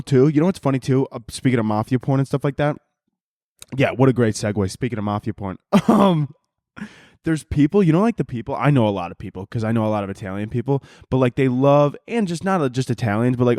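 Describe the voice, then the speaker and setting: A twenty-year-old man rants through a podcast monologue, crude and rambling, breaking into laughter as he goes. His mid-pitched voice sits very close to the mic, and the sound is dry and deadened, with no room echo at all. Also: darkish tone. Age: 20s. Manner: crude, rambling, laughs often, swears a lot. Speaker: podcast host. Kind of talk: casual comedic monologue.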